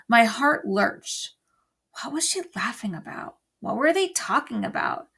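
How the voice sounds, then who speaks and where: A woman teacher reading a novel aloud to an online class, telling it in an expressive storytelling way. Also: medium pitch, creaky.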